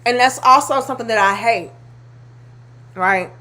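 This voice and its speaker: Heated high-voiced woman ranting. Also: normal speed, pushed and bright. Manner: blunt, heated and exasperated, swears freely. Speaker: commentary video host. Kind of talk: reacting to clips, ranting commentary.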